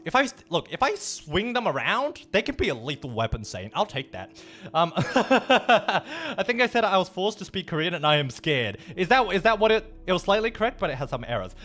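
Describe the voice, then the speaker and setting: A man's voice: high-pitched, a bit bright. A man chatting casually on a livestream, swearing freely and dropping in Japanese phrases.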